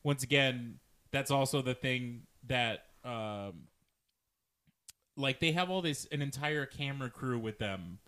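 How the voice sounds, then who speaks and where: An easygoing man co-hosts a casual podcast at a middle pitch. He laughs along with his co-host and argues his points in a playful way. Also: expressive, measured pace, bright, forceful tone, clear, resonant tone. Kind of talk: casual chat.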